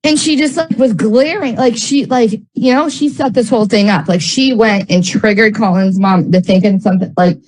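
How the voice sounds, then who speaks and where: A woman's voice: medium pitch, normal speed, few pauses, darkish tone, low-quality recording. A woman in casual storytelling, rambling with lots of filler words and blunt, frequent swearing. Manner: rambling, heavy use of "like" fillers.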